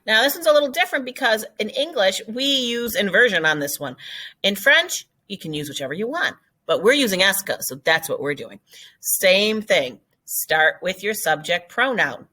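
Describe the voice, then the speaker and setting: A woman teaching a recorded French lesson with an animated voice that swings up and down. Her tone is bright, and she moves back and forth between French phrases and English explanations. She talks the viewer through each step. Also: medium pitch, normal speed.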